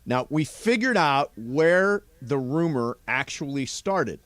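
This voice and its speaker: A man's voice: a little high, expressive, slow pace, a bit bright, no room sound. A man hosting a sports talk radio show, chatting casually and joking with his co-hosts.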